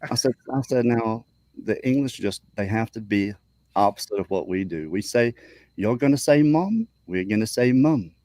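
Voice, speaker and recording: A man with a fairly low voice reads aloud and chats in a halting way, with frequent throat clearing and restarts. The sound is dry and close. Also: mellow, no echo. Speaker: podcast co-host. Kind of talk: casual chat and reading a listener story aloud.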